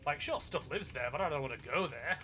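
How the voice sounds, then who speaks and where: A man casually chatting while streaming a game, excitable, rambling and swearing freely. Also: a little high, quick pace, slight background noise. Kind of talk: casual gaming stream chat.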